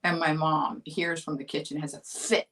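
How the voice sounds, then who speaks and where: Low-voiced woman telling a chatty story. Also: flat delivery, normal speed, fairly bright tone, recorded from a distance. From Florida. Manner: chatty and amused, laughs through her stories. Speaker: comedian host of a weekly livestream talk show. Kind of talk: casual storytelling monologue.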